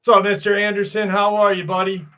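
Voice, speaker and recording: Bright-voiced joking livestream host man. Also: high-pitched, flat delivery, quick pace, clear, resonant tone. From New York. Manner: jokey, crude, greets chatters by name. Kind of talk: casual livestream chat.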